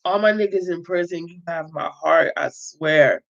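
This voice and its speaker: A woman's voice: on the low side, normal speed, creaky. A woman hosting a casual book reading, reading a novel aloud and breaking in with her own blunt, emphatic remarks. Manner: emphatic, talks back to the text, swears freely. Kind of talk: casual read-aloud with reactions. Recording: dull lo-fi sound.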